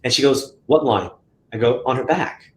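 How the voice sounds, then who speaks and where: A man's voice: medium pitch, normal speed. A man being interviewed as a guest, telling stories casually and acting out quotes in a raised voice. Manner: animated, acts out quotes in a raised voice. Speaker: guest psychic medium. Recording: roomy echo.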